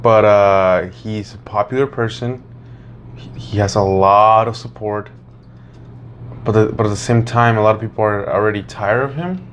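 A man's voice: lowish voice, steady tone, normal speed, a little hiss or hum. A man co-hosting a podcast, offering his opinions in a hesitant, hedging way. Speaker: podcast co-host. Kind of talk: casual chat.

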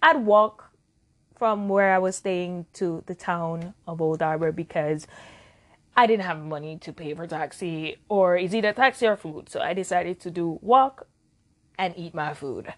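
A woman's voice: fairly low pitch, unhurried. Rambling young woman podcasting solo. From Jamaica. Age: early 20s. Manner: rambling, reflective, self-correcting. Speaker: podcast host. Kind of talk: casual solo podcast monologue.

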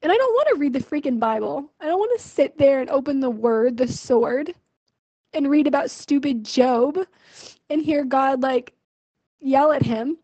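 A woman's voice: sits high, expressive, normal speed, warm tone, no room sound, dull audio. A young woman venting her frustration in a personal video diary, emotional and full of fillers. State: pregnant. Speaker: vlogger.

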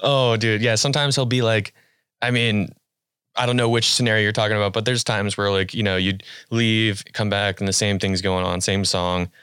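A young man hosting a casual podcast, telling stories in an easygoing way with quick bursts. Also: lowish voice, steady tone, a bit bright, smooth, dry recording, studio quality. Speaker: podcast host.

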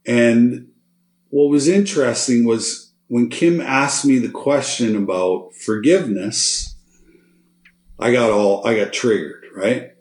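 A man, a guest in an interview, telling a long story in an animated way and checking in with his listener as he goes. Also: medium pitch, takes it slowly. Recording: roomy echo.

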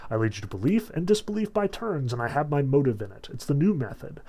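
A man reading aloud the lines of a scheming male devil, a gentleman tempter, from a novel. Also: mid-range voice, very animated. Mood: sly. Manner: read aloud from a novel, quick in spots.

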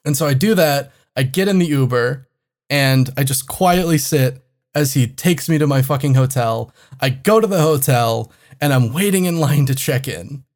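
A man telling a travel story in casual chat, animated and swearing often. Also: medium pitch, moderate pace.

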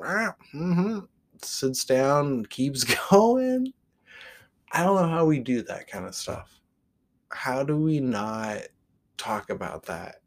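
A man from the Portland area hosting a podcast, telling a story casually with lots of swearing and filler words. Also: mid-range voice. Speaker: podcast host.

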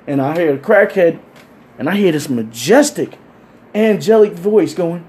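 A man telling crude stories in casual chat, animated and acting out the people he quotes. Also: a little high, a little slow. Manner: animated, acts out quoted voices. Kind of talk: casual profane storytelling.

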